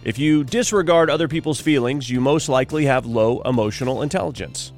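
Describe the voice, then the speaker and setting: Hosting a morning radio show alone, a man chats wryly through news items with offhand asides in a solo talk monologue. His voice is mid-range and fairly quick, with faint music behind him.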